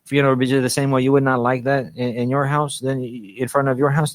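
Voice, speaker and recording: A man's voice: mid-range voice, flat delivery, a little fast, no room sound. Man teaching a dry, close religious lesson. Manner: repeats phrases for emphasis, many restarts. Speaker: Islamic teacher.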